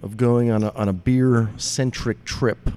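A man in casual chat about his brewery, halting and repeating words as he starts his thoughts. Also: medium pitch, steady tone, dark tone, a little hiss or hum. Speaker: brewery co-owner.

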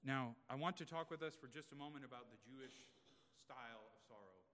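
A man's voice: mid-range voice, a bit bright, a little hiss or hum. A male pastor giving an expository sermon in a conversational way, asking the congregation rhetorical questions. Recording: long reverb of a large room.

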